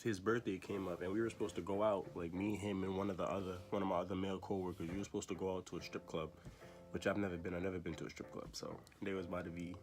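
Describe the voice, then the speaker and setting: A young man talks straight to his own camera, easygoing and full of slang, often breaking into a chuckle. He is sick, so his voice sits deeper than usual. Faint music plays behind him. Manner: slangy, laid-back, chuckling between remarks. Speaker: vlogger. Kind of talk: casual storytelling to camera. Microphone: camera he set up facing himself.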